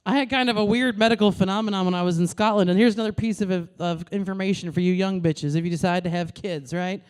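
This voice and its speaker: Speaking quickly and smoothly at a medium pitch, this comedian is a woman in her thirties from New York. She works a stage mic with a brash, crude routine full of animated punchlines.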